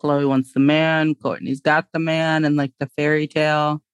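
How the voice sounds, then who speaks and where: A young woman chatting as a podcast guest, blunt and quick to laugh. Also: deep voice, flat delivery, clean tone, dry recording. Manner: blunt, laughing, emphatic agreement. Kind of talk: casual chat.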